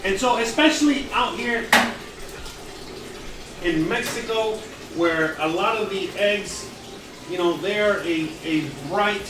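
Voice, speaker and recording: A man's voice: sits high, slow, pauses often. A man hosting a casual live cooking demo, chatty and easily distracted as he talks while he works in his home kitchen. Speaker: cooking show host. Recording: roomy echo, mic far off, background noise.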